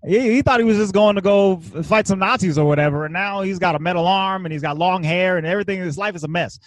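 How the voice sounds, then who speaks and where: A man's voice: high voice, fast talker, no room sound. A man co-hosting a podcast, casually recapping a movie plot with chuckles and lots of fillers. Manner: laid-back, chuckling, filler-heavy retelling. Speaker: podcast co-host.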